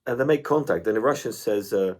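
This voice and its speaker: A man's voice: on the low side, fast talker, darkish tone. A man co-hosting a podcast in casual chat, telling stories and swearing freely. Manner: chatty storyteller, swears freely. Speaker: podcast co-host.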